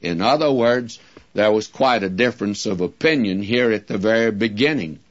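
A man's voice: fairly low pitch, highs cut off. A man giving an earnest Bible teaching in a plain-spoken way, heard on an old recording. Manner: slow, earnest, plain-spoken, stresses quoted words.

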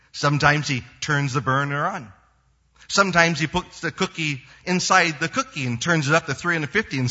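A male pastor delivers a sermon with a lively pitch that leaps up on key points and sinks low for quiet asides. His voice is bright and forceful with a husky edge. The recording sounds dull and lo-fi. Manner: animated preaching with sudden rises and soft drops.

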